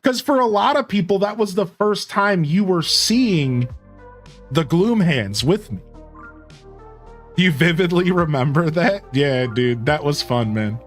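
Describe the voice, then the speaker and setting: A young man streaming games, chatting excitably, laughing often and reading his chat aloud. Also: a little high, a little slow, soft background music. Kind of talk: casual gaming commentary.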